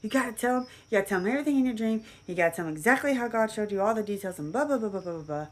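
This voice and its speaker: A woman's voice: medium pitch, animated, racing, pitched above the performer's own voice, lightly acted. A woman voicing her older grandmother, who speaks in an insistent, urgent, repetitive way.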